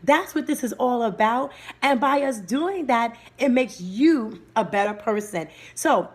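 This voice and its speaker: A woman's voice: fairly high pitch, expressive, measured pace. A woman hosting a live-streamed motivational talk, speaking energetically and breaking off to greet viewers by name. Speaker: livestream host and motivational speaker.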